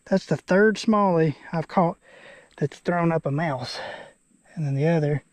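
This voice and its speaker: Folksy high-voiced fishing vlogger man. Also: measured pace, no echo. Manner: folksy, talks to the fish. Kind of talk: casual outdoor fishing commentary. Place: outdoors by a creek.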